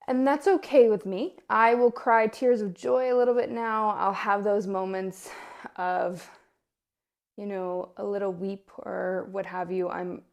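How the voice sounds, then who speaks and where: A woman's voice: medium pitch, gravelly. A woman hosting a podcast, talking in an earnest, confessional way in a personal reflective monologue. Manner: earnest, confessional, often asks for agreement. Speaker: podcast host.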